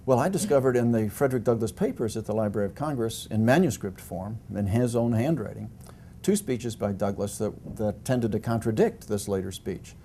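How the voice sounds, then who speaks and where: A man's voice: lowish voice, fairly quick, dark tone, slight background noise. An older man, a historian guest, answering interview questions at length with frequent fillers, restarts and dry humor.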